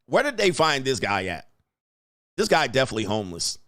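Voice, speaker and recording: A man hosting a reaction show, mocking what he watches in a loud, slangy way. His voice sits at an ordinary pitch. The recording is dry and close. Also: huge pitch swings, fairly quick, no echo. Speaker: commentary host. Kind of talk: casual reaction commentary.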